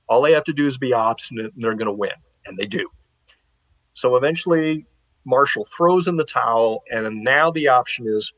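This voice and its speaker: A man's voice: medium pitch, no echo, rough recording. Man telling history with dry delivery. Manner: animated, acts out historical figures in paraphrase. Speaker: guest historian. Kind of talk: casual spoken history storytelling.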